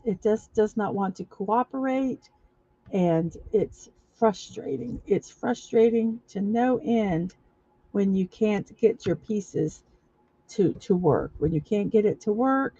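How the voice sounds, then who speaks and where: Woman, stream host, casual build-along talk, halting with fillers, slow, dull lo-fi audio. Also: medium pitch, warm tone, no echo. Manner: halting, with many fillers and self-corrections, talking through each step. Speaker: livestream host building a block set. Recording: dull lo-fi recording.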